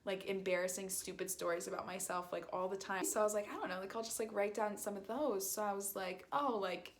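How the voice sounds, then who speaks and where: A young woman telling a casual storytime, rambling with lots of fillers and acting out quoted lines. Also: medium pitch. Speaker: vlogger.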